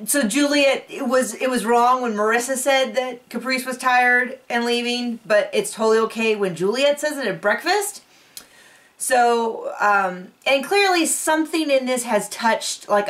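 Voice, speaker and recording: Recorded at home on a cattle ranch, a reality TV recap vlogger casually rambles through an episode, full of asides. Her voice is a little high and a bit bright, and she sits set back from the mic, so she sounds distant.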